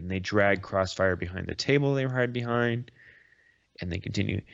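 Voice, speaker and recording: A man with a fairly low voice casually retelling a comic story on a podcast, rambling and fixing his slips as he goes. The sound is dull and lo-fi. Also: a little fast, vocal fry. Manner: rambling, self-correcting retelling. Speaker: podcast host. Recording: dull lo-fi recording.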